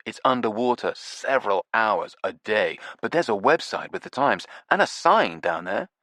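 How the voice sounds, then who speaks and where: A man voicing a brash, excitable male TV presenter who talks loudly and laughs at his own jokes. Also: medium pitch, moderate pace, no room sound, clean studio sound, close to an everyday voice. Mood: mock serious. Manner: loud, pushy, slangy, laughs at own jokes. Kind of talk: audiobook character voice.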